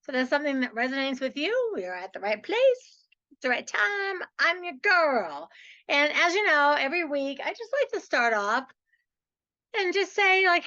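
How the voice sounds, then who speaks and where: Upbeat woman host with a bright, slightly high voice, chatty and keen, recorded on muffled lo-fi audio. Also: big pitch swings, moderate pace. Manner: chatty, enthusiastic, says "like" and "so" often. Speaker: podcast host. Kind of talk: upbeat podcast monologue.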